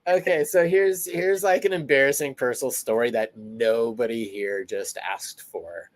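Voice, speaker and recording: A man's voice: medium pitch, moderate pace, no echo. A laid-back man hosts a casual chat, drifting into loose, rambling anecdotes. His voice sits mid-range, and the recording is close and dry with no room sound. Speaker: host.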